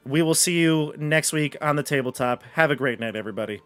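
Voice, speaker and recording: A fairly high-voiced man narrates a tabletop game as its game master, relaxed and chatty, dropping fillers as he goes. Faint music plays behind him. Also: quick pace. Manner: casual, fillers while narrating.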